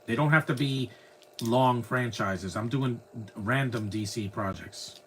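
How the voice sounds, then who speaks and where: A man's voice: medium pitch, measured pace, fairly bright tone, a little hiss or hum. A man live streaming, chatting casually through a movie reaction, rambling and laughing at his own jokes.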